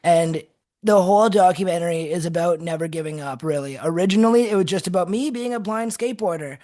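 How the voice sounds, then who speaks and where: Lively man telling skate stories. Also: sits high, fast. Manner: energetic, animated storyteller, laughs often. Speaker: podcast guest. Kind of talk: casual storytelling chat.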